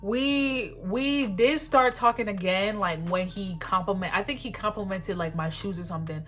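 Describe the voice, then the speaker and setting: A woman's voice: medium pitch, moderate pace, soft background music. Chatty young woman telling a storytime. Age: 20s. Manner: chatty, peppered with "like", slangy and animated. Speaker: beauty vlogger. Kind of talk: casual storytime chat.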